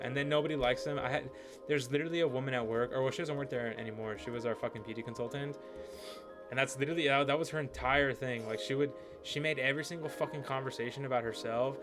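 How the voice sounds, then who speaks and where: A young man chats through a gameplay session in a loose, rambling way. He leans on fillers and curses freely, at a middle pitch. Game music plays clearly behind him. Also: quick pace. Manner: rambling, profane, many "like" fillers. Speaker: gaming streamer. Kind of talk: casual gameplay commentary.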